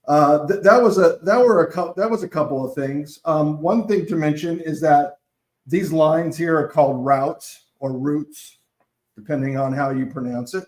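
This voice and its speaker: A man's voice: on the high side, a little mellow. Man explaining board game rules, echoey. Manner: halting, many fillers and self-corrections. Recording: echoey room.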